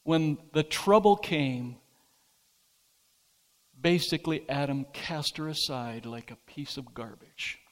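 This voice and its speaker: A man preaches a sermon at an unhurried, deliberate pace. His voice sits somewhat high and climbs into emphatic, forceful peaks. A long reverb trails behind his words. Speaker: pastor.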